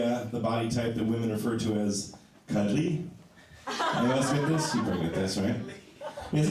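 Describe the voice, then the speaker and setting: A man doing a self-deprecating stand-up comedy set, chatting with the crowd in a small comedy club. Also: mid-range voice. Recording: echoey club, distant mic, audience.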